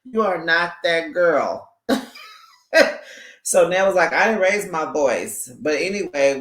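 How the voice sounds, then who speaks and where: A reality show recap host in casual chat, sassy and animated, who laughs often and calls listeners honey and baby. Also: mid-range voice, echoey room.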